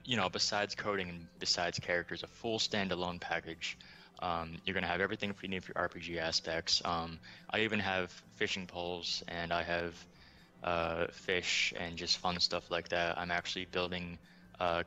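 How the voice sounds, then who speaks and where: Low, bright-toned American man chatting. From United States. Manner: relaxed, filler-heavy, enthusiastic about his work. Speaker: game asset developer guest. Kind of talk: casual interview chat.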